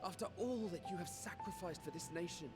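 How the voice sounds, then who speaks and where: A man's voice: high voice, a little fast, close to an everyday voice. A man voicing a loyal, earnest male guard commander who speaks fervently, in a game cutscene with music behind. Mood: devoted. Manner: earnest, fervent, sometimes dropping to a hush.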